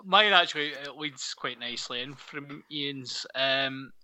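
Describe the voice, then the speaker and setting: A man's voice: medium pitch, measured pace, pushed and bright, dry recording. A Scottish man co-hosting a podcast, grumbling jokily in casual chat. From Scotland. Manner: grumbly, jokey. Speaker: podcast co-host.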